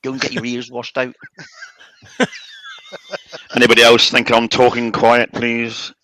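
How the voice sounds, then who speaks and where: A man keeping score on a live quiz stream, talking through a headset in a soft voice that trails off at the ends of lines. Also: medium pitch, monotone, a little fast, poor audio. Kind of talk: casual banter.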